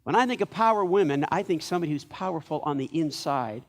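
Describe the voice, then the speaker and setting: High-voiced male pastor preaching. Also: quick pace. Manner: lively storytelling, acting out quoted lines. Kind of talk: sermon. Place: church.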